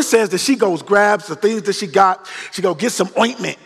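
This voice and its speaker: A male pastor preaching a storytelling sermon, joking in slangy, animated retelling. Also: high-pitched, normal speed, gravelly, few pauses, slightly rough. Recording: long reverb of a large hall.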